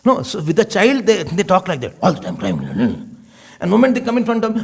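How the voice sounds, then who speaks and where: A man giving a spiritual talk as a swami, teaching in an animated way and often breaking into laughter. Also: high voice, fairly quick, creaky. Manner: animated teaching, often laughing, mixing in Hindi and Sanskrit terms. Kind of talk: sermon.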